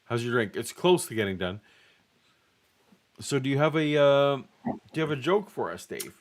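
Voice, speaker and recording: A man's voice: medium pitch, animated, normal speed. A man hosting a podcast in casual chat, wry and joking. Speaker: podcast host.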